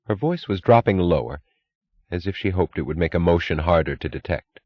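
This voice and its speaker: Male audiobook narrator, deep, measured, dull lo-fi recording. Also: no echo. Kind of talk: scripted narration.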